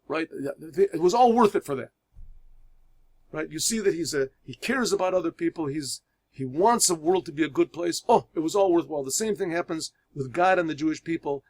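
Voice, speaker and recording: A man, a rabbi teaching a religious class, who reads Hebrew phrases aloud and explains each one in English, telling parables with pauses and restarts. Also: on the high side. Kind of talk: religious lesson.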